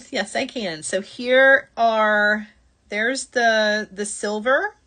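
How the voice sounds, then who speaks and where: A woman's voice: medium pitch, very slow, pushed and bright. A middle-aged woman hosting a live jewelry-making shopping stream, chatty and apologetic, laughing often. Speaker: jewelry-making show host.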